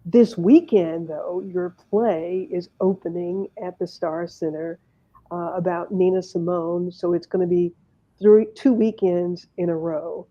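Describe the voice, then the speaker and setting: A woman hosting an interview, asking measured, probing questions. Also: fairly low pitch, fairly even intonation. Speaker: interview host. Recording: muffled, lo-fi sound.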